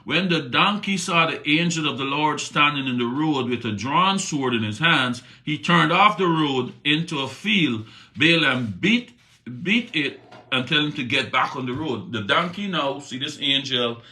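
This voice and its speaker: A man's voice: on the high side, expressive, a little slow, bright, forceful tone, reverberant. A man giving a morning devotional talk, retelling a Bible story in a conversational, slangy way and checking in with "right?". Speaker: preacher.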